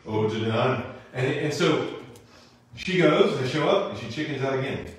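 Man, bible class teacher, animated casual storytelling, very echoey room, distant mic. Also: mid-range voice, normal speed. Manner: animated, casual, acts out characters. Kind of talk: lively storytelling lesson. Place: church classroom.

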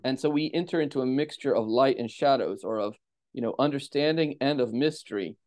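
A man as a guest on a podcast, answering questions in a measured, explanatory way, like a lecturer. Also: mid-range voice, darkish tone. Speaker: theologian guest.

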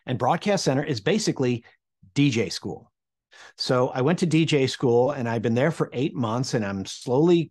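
A man's voice: medium pitch, a little mellow, breathy edge. A man in his forties telling a personal anecdote, acting out the people he quotes with big jumps in his voice. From Midwestern United States. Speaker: storyteller. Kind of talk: personal anecdote told to camera.

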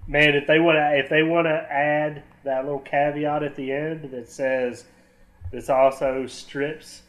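A man's voice: on the high side, little pitch movement, unhurried, a bit bright. Wry chatty man. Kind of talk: casual political chat.

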